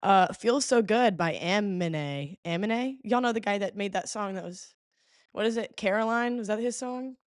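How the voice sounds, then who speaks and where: A woman's voice: medium pitch, normal speed, no room sound, studio quality. A young woman hosting a casual solo podcast, playful and dramatic, humming bits of songs. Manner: playful, dramatic, hums and sings along to songs. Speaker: podcast host.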